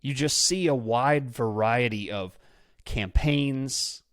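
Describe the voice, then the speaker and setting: Male podcast host, casual and upbeat, mid-pitched voice, dry close recording. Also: slow pace, a bit bright, dry recording. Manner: chatty, enthusiastic, self-deprecating. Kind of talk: casual podcast talk with ad read. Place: his office.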